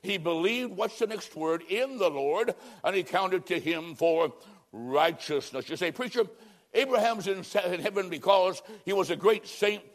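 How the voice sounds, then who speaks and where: Male evangelist, high-pitched, dramatic sermon delivery with loud peaks and quiet closes. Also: moderate pace. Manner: dramatic, swings between loud emphasis and hushed low endings. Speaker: preacher.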